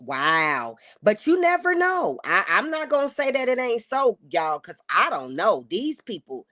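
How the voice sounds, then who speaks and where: Female livestream host, casual reaction commentary, animated swooping delivery, talks right to chat. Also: fairly high pitch, a little slow. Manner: chatty and exclamatory, addresses viewers directly.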